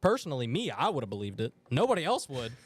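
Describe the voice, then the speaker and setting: A man co-hosting a sports betting podcast in a radio studio, chatting casually and excitably. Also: mid-range voice, fast talker, breathy edge, no room sound. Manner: excitable, chatty, loud outbursts for his team. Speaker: podcast co-host. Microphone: studio mic.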